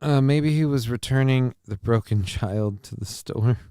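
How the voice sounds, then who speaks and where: A man's voice: medium pitch, measured pace, mellow, clear, resonant tone, dry recording, clean studio sound. A man from the American Midwest hosting a casual livestream, joking and rambling as he comments on the news. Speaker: host.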